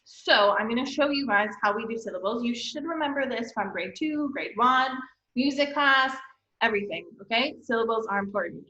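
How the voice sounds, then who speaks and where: Teaching young children in a recorded online lesson, this woman uses a slightly high voice with lively intonation, a bright, forceful tone and normal speed. Patient and encouraging, she keeps asking "okay?"; the room echoes and the audio is slightly dull and lo-fi.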